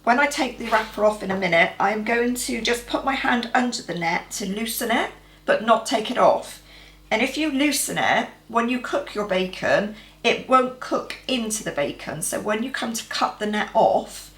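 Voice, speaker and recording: Woman vlogger talking thru a recipe, chatty and practical, mid pitch, roomy kitchen echo. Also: lively intonation, normal speed, a bit bright. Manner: chatty, practical, step-by-step instructions. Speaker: cooking vlogger. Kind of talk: casual cooking demonstration. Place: home kitchen.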